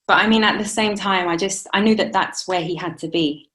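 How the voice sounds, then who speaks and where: A young woman in an interview, telling her own story in a halting way with many restarts. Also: medium pitch, a bit bright. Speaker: interview guest, new mother. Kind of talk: emotional personal interview.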